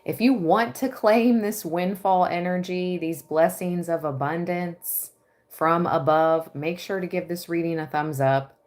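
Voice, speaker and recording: A woman giving a tarot reading on a livestream, dreamy and excitable, often breaking into giggles. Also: lowish voice, a little slow. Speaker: tarot reader.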